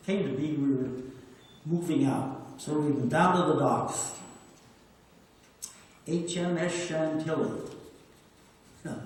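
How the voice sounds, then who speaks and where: A man's voice: on the high side, a little mellow. A man in his nineties, a veteran telling plain-spoken stories to an audience and repeating words for emphasis. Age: 90s. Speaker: WWII veteran speaker. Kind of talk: storytelling talk. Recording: echoey hall, distant mic.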